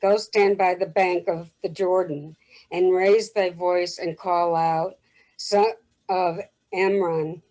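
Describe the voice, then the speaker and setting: A woman reads an ancient text aloud to a study group, slowly and carefully. Her voice is mellow and dark in tone. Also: fairly low pitch, fairly even intonation, rough recording. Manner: slow, careful reading. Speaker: class participant reading aloud.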